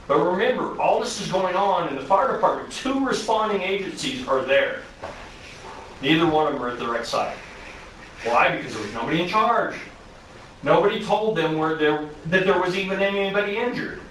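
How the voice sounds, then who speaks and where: Animated male safety trainer in echoey hall. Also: a little high, distant mic, slight background noise. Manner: animated storytelling with rhetorical questions. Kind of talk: classroom safety lecture. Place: arena recreation centre.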